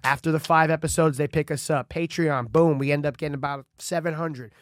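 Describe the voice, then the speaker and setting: A man's voice: on the high side, fairly even intonation, a little fast, no room sound, clean studio sound. A man from New York, a comedian co-hosting a podcast, swearing and laughing through crude banter. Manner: laughing, swearing, talking over each other.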